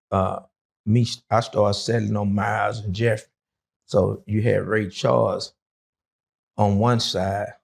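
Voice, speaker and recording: A middle-aged man with a gravelly, husky voice, telling his story casually. He rambles and fills pauses with "uh" and "you know.". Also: fairly low pitch, a little mellow. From Dallas, Texas. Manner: rambling, with many fillers and acted quotes.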